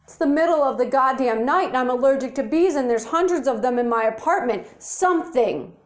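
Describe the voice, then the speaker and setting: High-voiced woman ranting angrily. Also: expressive, fairly quick. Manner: profane, exasperated and blunt. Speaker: vlogger. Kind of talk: angry rant to camera. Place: her apartment indoors.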